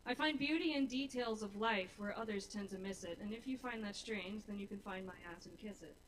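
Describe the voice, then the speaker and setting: A woman's voice: mid-range voice, brisk. Young woman doing a nervous earnest spoken-word set at a bar open mic, mic's a bit far off, faint noise. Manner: nervous, earnest rhyming delivery. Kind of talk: spoken-word poetry performance. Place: stage in a small bar. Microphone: stage mic. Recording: live room mic, somewhat distant, faint noise.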